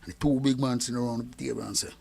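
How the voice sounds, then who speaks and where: Gravelly Jamaican man telling stories. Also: mid-range voice, rapid-fire, crowd noise. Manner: animated storyteller in patois, acting out the people he quotes. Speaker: guest singer. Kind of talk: anecdotal storytelling chat.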